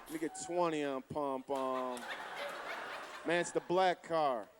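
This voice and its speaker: A man voicing a stoned young man who drawls slowly and sounds dazed and spaced-out. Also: fairly high pitch, voice pushed down, close to an everyday voice. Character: stoned young man fumbling at a gas counter. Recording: live club with audience and noise.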